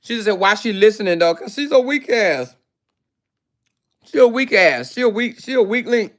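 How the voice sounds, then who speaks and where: A woman's voice: on the high side, big pitch swings, moderate pace. A woman hosting a casual livestream, talking in a brash, profane, mocking way. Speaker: livestream host.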